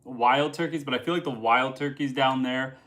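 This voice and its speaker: A man's voice: mid-range voice, moderate pace, a bit bright. Easygoing Canadian man reading chat. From northern Canada. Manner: easygoing, reads out chat messages. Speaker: host reading viewer comments. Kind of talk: casual live-stream chat.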